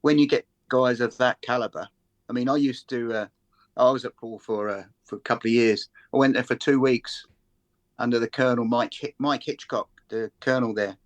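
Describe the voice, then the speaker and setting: A man's voice: mid-range voice, steady tone, brisk, highs cut off. An older man, a former military instructor, telling stories in a rambling, casual way, full of restarts, fillers and swearing. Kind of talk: casual conversational storytelling.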